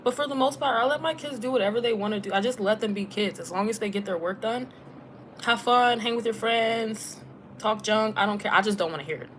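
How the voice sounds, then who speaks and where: A young woman vlogger chatting casually on a live Q&A, relaxed and talkative, using lots of filler "like" and slang while she reads out viewer comments and letters. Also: a little high, a little fast, slight background noise. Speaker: travel vlogger and former teacher.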